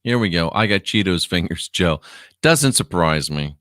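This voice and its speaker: A man's voice: deep voice, animated, normal speed, fairly bright tone, no room sound, clean studio sound. A man who used to be a minister hosting a livestream, drawling sarcastically while he reads viewer comments aloud. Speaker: online show host, former minister. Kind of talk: livestream commentary reading chat.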